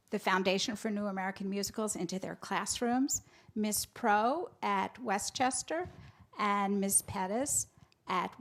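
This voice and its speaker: A woman hosting a student musical theater showcase, thanking the teachers and speaking directly to the students in a friendly way. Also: mid-range voice. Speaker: program host for a musical theater education foundation.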